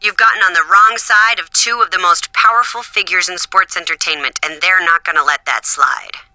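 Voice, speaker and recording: A haughty boss's daughter. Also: female voice, on the low side, moderate pace, pushed and bright, poor audio. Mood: mocking. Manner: mocking, condescending. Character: haughty young woman, boss's daughter, warning.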